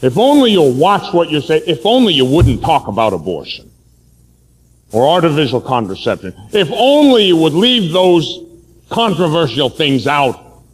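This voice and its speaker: A priest voicing the devil as a smooth, coaxing male tempter in a persuasive tone. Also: a little high, very animated, normal speed, in a large hall.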